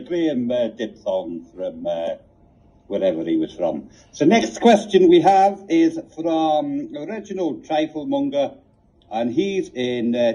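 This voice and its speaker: A man's voice: on the high side, mellow. A man hosting a mock chat show in a rambling, casual way, with offhand asides. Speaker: comedy show host. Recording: dull lo-fi recording.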